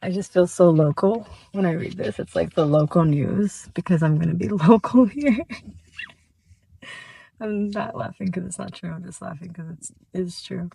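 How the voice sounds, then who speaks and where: A woman's voice: fairly low pitch, moderate pace, vocal fry, dark tone, breathy edge. A woman vlogging casually, rambling with many fillers and laughing often as she drives around in her car. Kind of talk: casual vlog chat. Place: car, driving.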